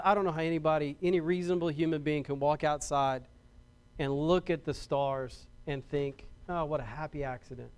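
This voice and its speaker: A man preaching a sermon and telling a story, swinging from loud, rising passages to quiet ones, often repeating words and restarting. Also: on the high side, smooth.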